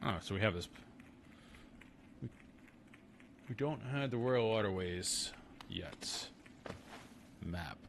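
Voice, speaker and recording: A man's voice: lowish voice, animated, takes it slowly, long pauses, slight background noise. A man casually chatting and muttering to himself while streaming a game. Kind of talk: casual gameplay commentary.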